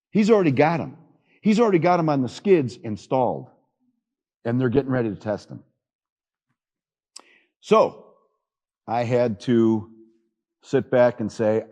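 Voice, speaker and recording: A middle-aged man preaches in a church, chatting with his congregation in a folksy, storytelling way. His voice is warm and slightly husky, and it rises and falls freely as he talks. He chuckles now and then. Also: mid-range voice, sing-song, moderate pace, long pauses. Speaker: assistant pastor. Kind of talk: sermon.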